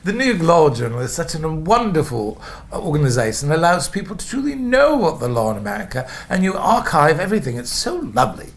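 A man's voice: fairly high pitch, very animated, a little fast, creaky, pitched above the performer's own voice. A man putting on a fake British accent, gushing and over-polite. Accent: faked British. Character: man faking a prim, posh British accent.

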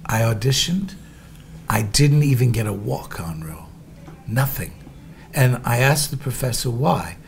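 A middle-aged man hosting a podcast, telling his own stories in an animated, gushing way, jumping between loud asides and hushed remarks. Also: mid-range voice, measured pace, creaky, a little hiss or hum. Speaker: podcast host. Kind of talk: storytelling monologue.

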